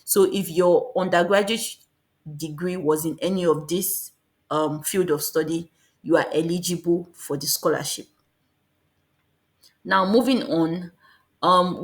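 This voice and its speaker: A woman giving a casual, fast explainer on applying for a scholarship, often repeating and correcting herself. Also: on the low side. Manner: fast, repetitive, self-correcting. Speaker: scholarship guide vlogger.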